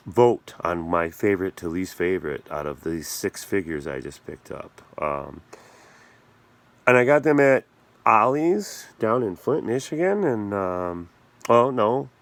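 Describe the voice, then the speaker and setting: Low-voiced rambling man vlogging toys. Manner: rambling and jokey, often losing his train of thought. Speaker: channel host reviewing toy action figures. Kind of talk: casual unscripted vlog.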